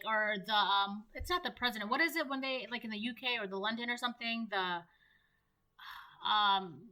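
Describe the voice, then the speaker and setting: A woman's voice: medium pitch, pushed and bright. A woman giving a casual spoken tarot reading. She rambles and keeps checking in with "right?" and "um". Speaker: tarot reader.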